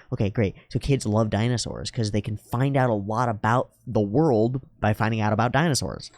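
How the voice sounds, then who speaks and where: A man with a lowish voice meanders through a profane, searching monologue while high. He jumps from thought to thought and swears freely. The sound is close and dry, recorded at home. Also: normal speed, darkish tone, no room sound. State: high on drugs. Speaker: YouTuber. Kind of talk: rambling monologue.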